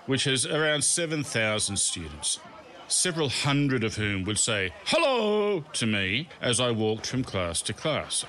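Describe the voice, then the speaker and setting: A man's voice: medium pitch, sharp tone, slight background noise. A man hosting and narrating his own comic memoir in a wry, self-mocking storytelling manner. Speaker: podcast host and narrator.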